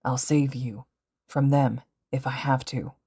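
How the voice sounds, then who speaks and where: A woman voicing a calm, protective teenage boy who speaks softly and steadily, in a fan audiobook. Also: rumbling low, measured pace, husky, heavily acted. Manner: soft, steady, reassuring.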